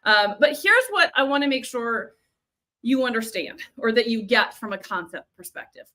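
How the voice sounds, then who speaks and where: A woman leads a live online training as a coach, in a bright, fairly high voice. She talks in a chatty, upbeat way, often repeating words and starting sentences over. She is recorded close up on a webcam mic. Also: lively intonation, moderate pace. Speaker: video and growth coach.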